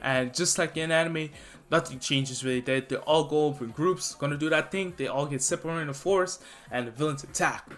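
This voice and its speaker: A man's voice: a little high, brisk, fairly bright tone. Man casually retelling a fan story. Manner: loose, rambling. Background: faint lofi music.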